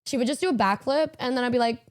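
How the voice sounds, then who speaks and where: A young woman hosts her own stream with a slightly high voice. She is chatty and playful, and often laughs between remarks. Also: racing. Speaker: streamer host. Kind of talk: casual stream chat.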